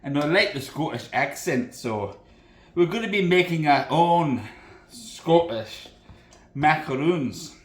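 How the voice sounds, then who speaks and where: Home cooking host, male, from Britain: high-pitched, loose and self-correcting, recorded in a roomy kitchen. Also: animated, slow. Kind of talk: casual cooking demonstration.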